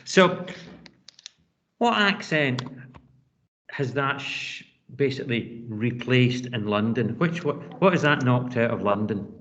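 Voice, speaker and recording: A man's voice: medium pitch, lively intonation, takes it slowly, fairly bright tone. A male teacher leading a classroom discussion, rambling and restarting his sentences. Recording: dull lo-fi classroom recording with faint noise.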